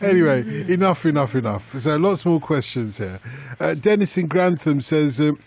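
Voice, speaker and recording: A man's voice: on the high side, lively intonation, normal speed, darkish tone. A man hosting a radio phone-in, reading out listener questions in a chatty, jokey way. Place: radio studio.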